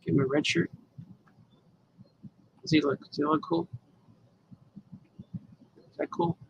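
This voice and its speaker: Gravelly cartoonist chatting as he draws. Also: on the high side, very animated, slow, highs cut off, a little hiss or hum. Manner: rambling, talks to the viewers as he works. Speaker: cartoonist livestreaming his drawing. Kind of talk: casual live commentary while drawing.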